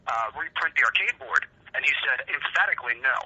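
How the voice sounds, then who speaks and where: A man co-hosting a gaming podcast, telling stories in an animated, profane way during casual chat. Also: medium pitch, a little fast, breathy edge. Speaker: podcast co-host. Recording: dull lo-fi podcast audio.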